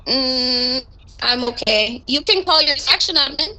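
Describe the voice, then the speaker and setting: A woman's voice: high voice, expressive, a little slow, a crowd in the background, low-quality recording. A woman in a roleplay game voice chat, heatedly complaining and confronting a superior. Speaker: roleplay police recruit. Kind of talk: in-character voice chat, arguing.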